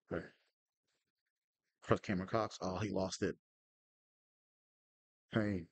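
A man's voice: sits low, steady tone, takes it slowly, pauses often, husky, no room sound. A man hosting a gaming podcast, giving casual live commentary on his football management game in terse name calls and frustrated curses. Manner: terse, calls out player names, swears when frustrated.

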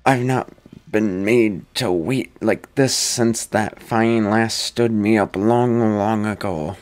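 A man doing a gruff boastful warrior brute. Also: lowish voice, steady tone, slow, a little mellow, faint music behind. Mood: taunting. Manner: rough folksy brogue, taunting. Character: brawny boastful male warrior, gruff and hot-headed.

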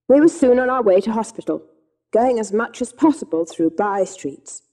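A woman narrating an audiobook of a classic children's novel in a measured, gentle reading. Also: a little high, animated. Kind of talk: scripted storybook narration.

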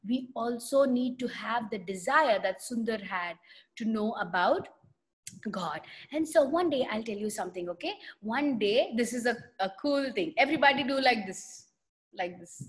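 High, lively woman teaching children. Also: moderate pace. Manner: animated, asks children questions and acts out voices. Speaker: children's Sunday school teacher. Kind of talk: storytelling lesson to children on a video call. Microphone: video call.

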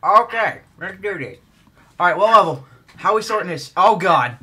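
A young man casually chatting while playing a game with a friend, excitable and prone to yelps and shouts. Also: sits high, normal speed, breathy edge. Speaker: gamer co-host. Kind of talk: casual gameplay chat.

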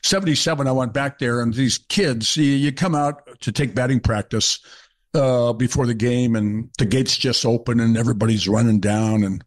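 A man in his seventies, a former ballplayer, telling stories in a casual podcast chat and acting out the fans' shouts. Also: medium pitch, moderate pace. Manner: animated storyteller, acts out shouted quotes. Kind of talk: casual storytelling.

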